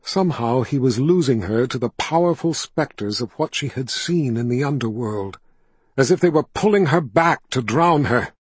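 A man narrating a fantasy novel as an audiobook, telling the story in a measured, steady way. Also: mid-range voice, breathy edge, no room sound.

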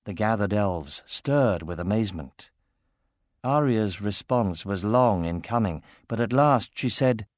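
A low-pitched man reads a fantasy novel aloud at a steady, measured pace, shaping each sentence with care. The sound is close and dry, with no room around it. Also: no room sound. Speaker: narrator. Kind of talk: audiobook fantasy narration.

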